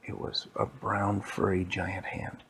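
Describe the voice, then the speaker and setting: A man improvising a story for a child, animated and dropping into whispers for suspense. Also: low-pitched, takes it slowly, creaky, slight background noise.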